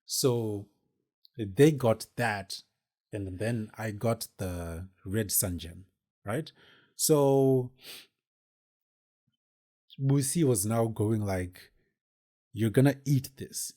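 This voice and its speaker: Slow, low-voiced man telling a story. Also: dark tone. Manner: rambling, with many fillers and restarts. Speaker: podcast host. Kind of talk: casual personal storytelling.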